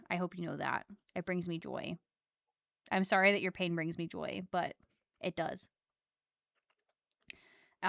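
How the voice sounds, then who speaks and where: A woman streaming while drawing, chatting casually with viewers and reacting with loud squeals and laughs. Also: medium pitch, clean tone, no echo, studio quality.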